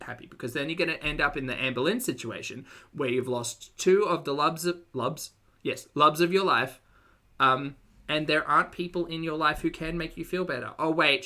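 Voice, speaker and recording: A woman's voice: a bass voice, pushed and bright. A woman streaming a reaction commentary, mocking and blunt with dry sarcastic asides to her chat.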